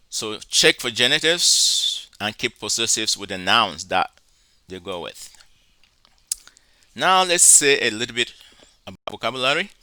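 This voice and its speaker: Male teacher, deliberate lecture delivery, syllable by syllable, dry close sound. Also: fairly low pitch, sharp tone, no echo. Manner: slow, deliberate, spells out syllables. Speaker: Greek teacher. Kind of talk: recorded lecture.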